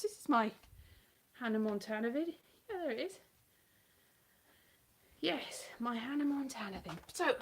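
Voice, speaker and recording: A woman talks casually into her webcam during a home livestream. She rambles and pokes fun at herself. Her voice sits slightly high. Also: a little hiss or hum. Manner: chatty, rambling, self-mocking. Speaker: YouTuber.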